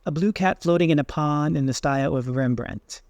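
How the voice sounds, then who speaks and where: Man in a tutorial voice-over, easygoing and thinking aloud, slightly high voice, dry close recording. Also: moderate pace, creaky, no echo. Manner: relaxed, thinking aloud with fillers. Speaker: tech tutorial host. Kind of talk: screen-recorded software walkthrough.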